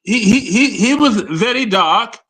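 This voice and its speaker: Slow, high-voiced joking man. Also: lively intonation, fairly bright tone. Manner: joking, repeats words. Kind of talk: casual banter on a livestream.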